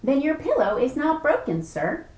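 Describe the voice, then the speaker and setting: A woman voicing a polite, chirpy male store clerk in a picture-book read-aloud, asking bright sing-song questions. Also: sits high, huge pitch swings, moderate pace, pitched above the performer's own voice. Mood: cheerful polite. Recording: echoey room.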